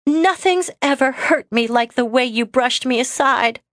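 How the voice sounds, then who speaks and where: A woman's voice: high voice, measured pace, fairly bright tone, no echo, clean studio sound, voice pushed up. A woman voicing a hurt, defiant young woman in a romance audiobook, speaking in a raised, pained, accusing tone.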